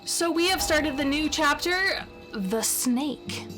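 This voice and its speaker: A woman's voice: high-pitched, slow. A woman playing a video game and reading its text aloud with playful, casual commentary. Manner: playful, giggly, relaxed. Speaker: let's play gamer. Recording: chill music playing behind.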